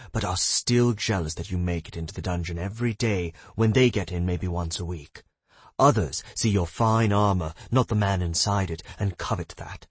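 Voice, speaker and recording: Blunt lecturing guild fighter, read by a man; low, husky, close and dry. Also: a little mellow, dry recording. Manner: stern, lecturing.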